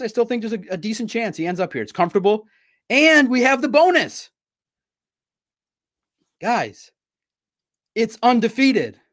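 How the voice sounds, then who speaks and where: Man, somewhat high voice, animated and playful, live sports stream host, talking straight to viewers.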